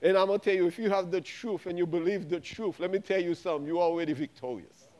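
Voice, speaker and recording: A man preaching in church. His voice sits high, and he drives his points home with repetitions and rising exclamations. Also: fast talker, darkish tone, dull audio. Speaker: pastor. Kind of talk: sermon. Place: church sanctuary.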